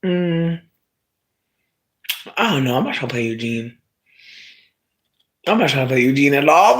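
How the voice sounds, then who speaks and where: A streamer casually telling a story to viewers, profane and animated, breaking into loud shouts and asides to the audience. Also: mid-range voice, unhurried, long pauses.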